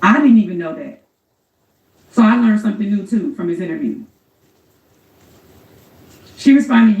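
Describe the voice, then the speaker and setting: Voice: mid-range voice, lively intonation, normal speed, long pauses, darkish tone, reverberant, distant mic, low-quality recording. A co-host in a casual chat, animatedly recounting events and commenting on them.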